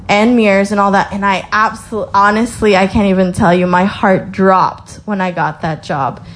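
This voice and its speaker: A young woman sharing a faith testimony in a casual sermon style, telling stories with acted-out quotes and reading scripture aloud. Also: medium pitch. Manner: lively storytelling with acted-out quotes.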